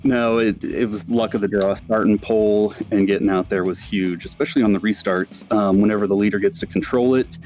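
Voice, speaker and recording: A man who has just won the race, answering interview questions hesitantly and pausing on frequent filler words. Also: lowish voice, fairly even intonation, darkish tone, faint music behind. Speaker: winning race driver.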